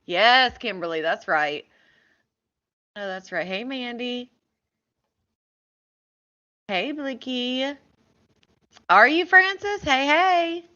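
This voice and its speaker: A woman's voice: on the high side, expressive, takes it slowly, long pauses, sharp tone, muffled recording. A woman hosting a casual live stream, chatting and greeting viewers one by one by name.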